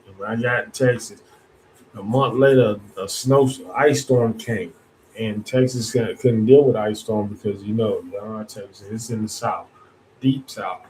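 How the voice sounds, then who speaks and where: A man's voice: lowish voice, fairly even intonation, a little slow, a little mellow, slight background noise, low-quality recording. A man hosting his own podcast, giving a casual, rambling monologue in colloquial speech, full of restarts and asides. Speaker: podcast host.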